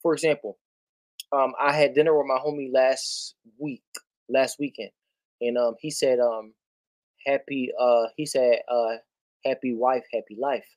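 A man chatting as a guest on a video-call livestream, talking with many fillers and getting animated in quick bursts. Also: medium pitch, dry recording. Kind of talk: casual chat.

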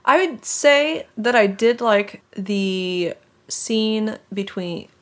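A woman's voice: medium pitch, lively intonation, drawn-out words. A woman co-hosting a podcast, reading fiction aloud with playful, giggly asides. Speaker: podcast co-host.

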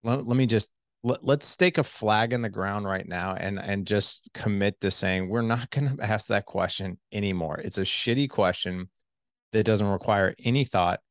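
Here a middle-aged man speaks at normal speed in a lowish voice, recorded cleanly in a studio with no echo. As a relationship coach on a podcast, he animatedly gives advice on communication and acts out his wife's voice and his own.

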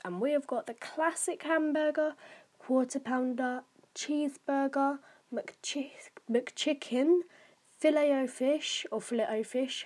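A woman's voice: sits high, darkish tone. A teenage girl from the United Kingdom, rambling casually as a podcast host while she takes an online quiz. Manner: chatty and rambling, many fillers and asides.

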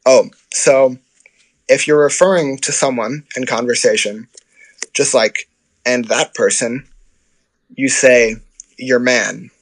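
A man's voice: mid-range voice, fairly even intonation, slow, pauses often, poor audio. A man from the United States chatting casually about life abroad, with lots of fillers and self-corrections. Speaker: guest describing life abroad. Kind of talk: casual conversation.

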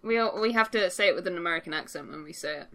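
A woman's voice: lowish voice, fast, fairly bright tone. A woman co-hosting a casual gaming podcast, frank and teasing. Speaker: podcast co-host.

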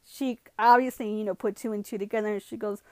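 A woman's voice: mid-range voice, steady tone, fast, darkish tone, dry recording. A woman telling a personal story in a casual vlog, switching between English and Spanish and filling her talk with "you know" and "like.". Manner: lots of "you know" and "like" fillers. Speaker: vlogger.

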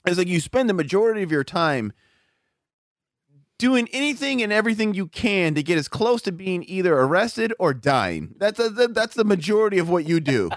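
Male, 40, higher-pitched, profane and animated raconteur; dry, close-miked recording. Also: normal speed, no room sound. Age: 40s. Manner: profane, animated storytelling with acted-out quotes. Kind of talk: casual storytelling chat.

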